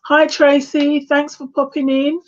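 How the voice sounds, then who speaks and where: Slow, hesitant British woman on a stream. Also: high voice, level tone, lo-fi sound. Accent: English, between standard British and London. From England. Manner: hesitant, many fillers and restarts. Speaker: tarot reader and live stream co-host. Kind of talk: casual live stream chat.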